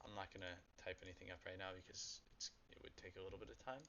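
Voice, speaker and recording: Young guy with a low, gravelly voice, bright edge. Rambling casual coding walkthrough on a dull lo-fi mic. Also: steady tone, quick pace. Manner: loose and rambling, swears, thinks aloud with many ums. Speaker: self-taught coder giving a web dev walkthrough. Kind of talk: casual screen-share coding tutorial. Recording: dull lo-fi mic with faint noise.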